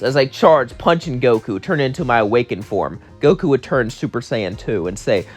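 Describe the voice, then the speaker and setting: A man's voice: mid-range voice, lively intonation, moderate pace, few pauses, soft background music. A young man casually narrating his own fan-fiction adventure, rambling and acting out every character himself. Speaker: storyteller.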